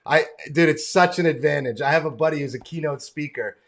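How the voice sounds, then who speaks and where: An American man hosts a relaxed video-call interview with easy, eager friendliness. His voice sits a little higher than most men's. He sounds like he is cheering his guest on. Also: a little fast. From United States. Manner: enthusiastic, friendly, calls the guest brother and man. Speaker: interview host.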